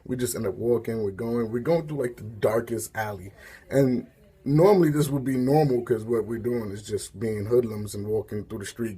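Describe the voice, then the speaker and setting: A man's voice: medium pitch, mellow, husky. A man hosting a story time, talking casually in a rambling way with lots of fillers and asides.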